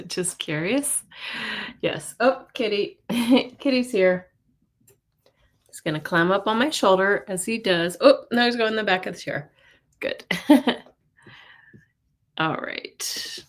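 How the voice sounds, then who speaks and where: A woman hosting a casual live stream as a psychic reader, greeting viewers by name in a chatty way. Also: medium pitch.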